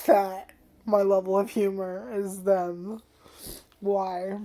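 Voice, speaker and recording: A woman's voice: medium pitch, little pitch movement, takes it slowly, mellow. A young woman giving an unscripted, casual anime review, rambling and giggly and swearing freely.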